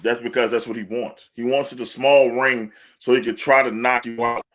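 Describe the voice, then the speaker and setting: A man with a medium-pitched voice co-hosts a sports podcast at normal speed. He talks casually and boastfully, telling animated stories full of laughter and swearing.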